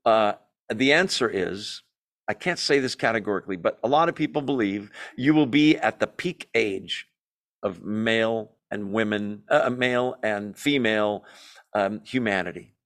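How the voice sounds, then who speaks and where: A man leading a Bible study in a conversational, animated way, joking and acting out quotes as he goes. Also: lowish voice, moderate pace. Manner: animated, jokey, acts out quotes in asides. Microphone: video call or room mic, class also on Zoom.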